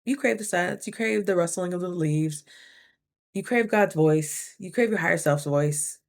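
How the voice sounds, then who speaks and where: Chatty, animated woman vlogger. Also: fairly low pitch, moderate pace. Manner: chatty, animated, acts out her own thoughts. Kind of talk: casual talking-to-camera vlog.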